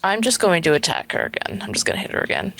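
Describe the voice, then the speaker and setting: A woman playing in a tabletop game, thinking aloud in a hesitant, unhurried way. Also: mid-range voice, big pitch swings, a bit bright, in a whisper. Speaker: player. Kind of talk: casual tabletop play.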